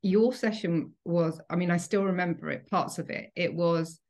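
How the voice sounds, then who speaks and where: A low-voiced woman speaks as a hypnotherapist guest on a podcast. She explains things carefully and thinks aloud, going back over her words as she goes. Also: normal speed, a little mellow. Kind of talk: reflective conversational podcast chat.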